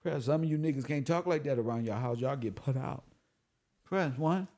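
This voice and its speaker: A man speaking who delivers a preachy, swearing monologue to his viewers, swinging between loud and soft. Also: mid-range voice, moderate pace. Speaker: online commentator.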